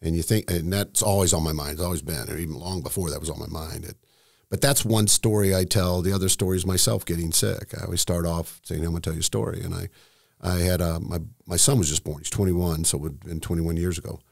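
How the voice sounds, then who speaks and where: Low, gravelly-voiced man telling a story. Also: fairly even intonation, no room sound, clean studio sound. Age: middle-aged. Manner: emotional, halting, many restarts. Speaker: estate planning seminar host, guest. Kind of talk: candid storytelling in conversation.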